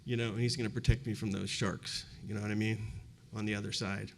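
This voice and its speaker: On the low side and creaky, this man's voice has a flat delivery, and he talks fast. He's a university presenter in his fifties telling a live audience a personal story in a reflective, conversational way, frequently saying "you know."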